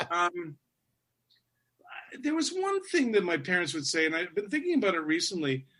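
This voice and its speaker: Older male guest, bright tone, deadpan humor, relaxed interview. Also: high-pitched, moderate pace, pauses often. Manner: dry, joking storyteller. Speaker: actor guest. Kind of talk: casual interview chat.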